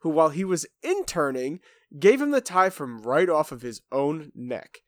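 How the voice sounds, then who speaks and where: A man's voice: fairly high pitch, sing-song, moderate pace, dry recording, studio quality. A man co-hosting a podcast, casually recapping a reality show, joking and swearing freely. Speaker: podcast co-host.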